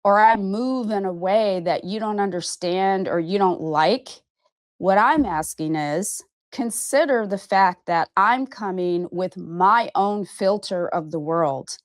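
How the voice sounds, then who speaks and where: A slow, medium-pitched female voice belongs to an Arizona vlogger and podcast host in her fifties. Talking to camera about her own life, she is blunt and emphatic, curses casually, and repeats "okay?" in this candid personal monologue. The studio-quality recording has no room sound.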